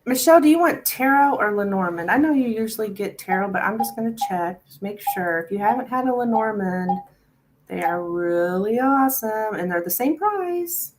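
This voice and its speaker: A woman's voice: medium pitch, expressive, normal speed. A woman giving a live tarot reading, chatting with viewers and thinking aloud with lots of "like.". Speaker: tarot reader.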